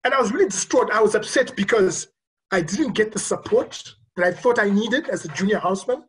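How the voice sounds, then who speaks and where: Physician speaker, earnest, reflective storyteller, pauses often. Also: mid-range voice, poor audio. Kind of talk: virtual conference talk, personal storytelling. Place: remote recording for a virtual conference.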